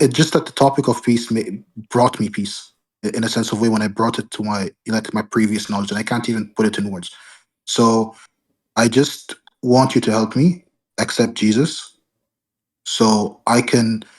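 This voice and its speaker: A man calling into a live debate, speaking haltingly and struggling to find his words. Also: lowish voice. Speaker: caller.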